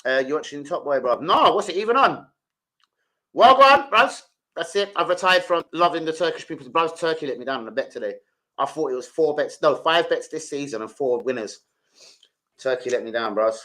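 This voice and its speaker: An older man talks casually to his live stream viewers. He chats loosely and swears freely. His speaking voice sits a little high. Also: a little fast, a bit bright.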